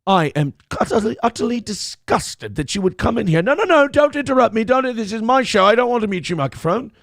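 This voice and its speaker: A man's voice: very high-pitched, lively intonation, a little fast, fairly bright tone, dry recording, clean studio sound, voice pushed up, full character voice. A man mocking a pompous, indignant TV host. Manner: haughty, self-righteous. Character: pompous indignant middle-aged male TV host.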